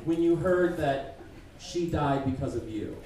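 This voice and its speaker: A man doing a stand-up roast while sick, rambling and halting in a self-deprecating way on a comedy club stage. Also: fairly high pitch, expressive. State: sick, congested. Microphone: stage mic at a distance. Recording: echoey stage from far off, crowd laughter.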